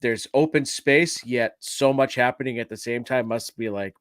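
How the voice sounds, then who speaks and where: A man with a mid-pitched voice muses thoughtfully in casual conversation. The sound is dry and close. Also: moderate pace, fairly bright tone, dry recording. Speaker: guest. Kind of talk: casual chat.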